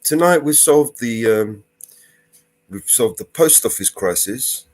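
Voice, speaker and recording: A man's voice: mid-range voice, expressive, slow. A man hosting a live stream panel, chatting casually, laughing often and rambling through stories.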